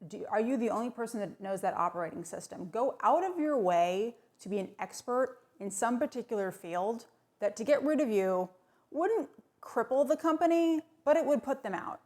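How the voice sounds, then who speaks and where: A woman delivering tongue-in-cheek advice in a brisk, sardonic, mock-serious monologue. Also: on the high side, lively intonation, darkish tone. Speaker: comedic advice vlogger.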